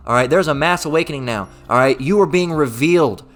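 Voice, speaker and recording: A man preaching and reading scripture in a forceful, profane style, constantly tagging his points with a questioning "all right?" and stumbling over repeated words. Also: a little high, lively intonation, quick pace.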